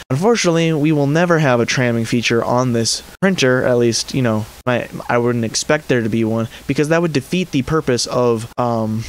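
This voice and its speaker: A man hosting a hobby channel, giving an exasperated, rambling commentary and often correcting himself mid-sentence. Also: medium pitch. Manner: frustrated, exasperated. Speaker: 3D printing channel host. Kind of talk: commentary rant to camera.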